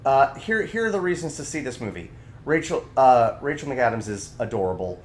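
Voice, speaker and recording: Animated male podcast co-host. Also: mid-range voice, fairly quick, a little hiss or hum. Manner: animated, ranting. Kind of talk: casual chat.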